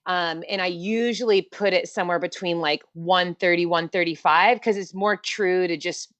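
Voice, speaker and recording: A woman's voice: on the low side, fairly even intonation, moderate pace, fairly bright tone, no echo, highs cut off. A woman guest on an interview show, chatting casually over a video call, laughing often and using many fillers. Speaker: guest ultrarunner.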